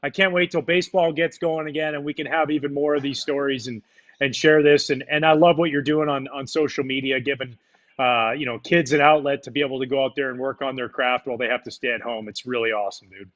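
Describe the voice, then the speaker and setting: A man's voice: mid-range voice, steady tone, fast talker, fairly bright tone, lo-fi sound. A man hosting a casual interview chat over a video call, upbeat and effusive. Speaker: host.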